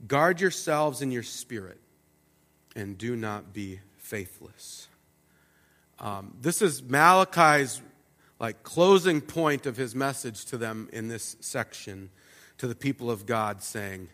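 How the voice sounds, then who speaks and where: A man preaching a sermon in a church, animated, acting out the voices of God and the people as he speaks. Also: fairly high pitch, in a large hall. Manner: animated, acts out God's and the people's words. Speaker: pastor. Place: church sanctuary.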